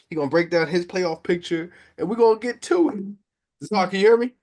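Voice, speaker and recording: A man hosting a casual football chat, excitable and quick to laugh. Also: high-pitched. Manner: lively, excitable, laughs often. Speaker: podcast host.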